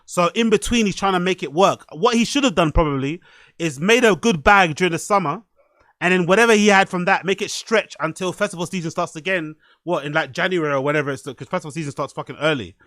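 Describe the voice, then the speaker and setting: A man's voice: high voice, fast talker, a bit bright, no echo. A man hosting a casual reaction podcast, rambling and swearing with frequent asides. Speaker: podcast host.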